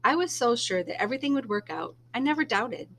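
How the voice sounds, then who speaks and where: Soft-spoken woman reading a novel aloud. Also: fairly high pitch, expressive, brisk, slight background noise. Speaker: reader.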